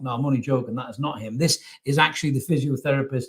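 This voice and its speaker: A man's voice: mid-range voice, fast. A young man hosting a casual football chat show alone, blunt and sweary, full of laddish banter. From North East England. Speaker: podcast host.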